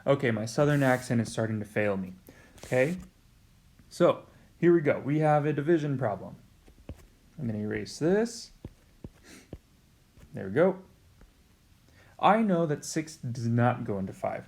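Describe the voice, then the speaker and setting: A man teaching a recorded math lesson in an easygoing, chatty way, with a voice of middling pitch for a man. He speaks straight to his students, checking in with them often and joking about his own slips as he works through the steps. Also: lively intonation, measured pace, long pauses, a little mellow.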